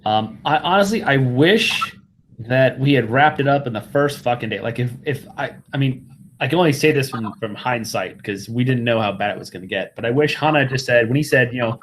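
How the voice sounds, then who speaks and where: A man's voice: mid-range voice, very animated, normal speed. A man on a casual podcast who rants in a heated way and swears heavily. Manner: heated, profane ranting.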